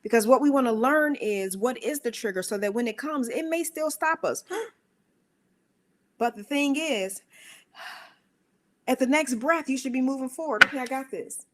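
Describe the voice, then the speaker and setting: A woman with a fairly high voice gives a spiritual motivational talk. She speaks in a conversational, emphatic way and fires off rhetorical questions. Now and then she slips into squeaky voices to act out her own thoughts. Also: a little slow, pauses often, a little hiss or hum. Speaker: speaker of a worship center.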